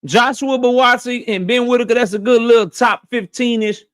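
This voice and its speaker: A young man with a strikingly high voice hosts a boxing talk show. He is blunt and profane, and he says his points twice for emphasis in casual, opinionated commentary. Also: steady tone, moderate pace, fairly bright tone, clean tone.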